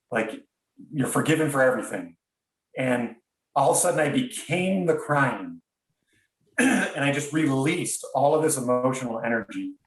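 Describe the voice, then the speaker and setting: A man, a podcast guest, tells a personal story in an earnest, reflective way, often stopping and restarting his sentences. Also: medium pitch. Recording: roomy sound, distant from mic.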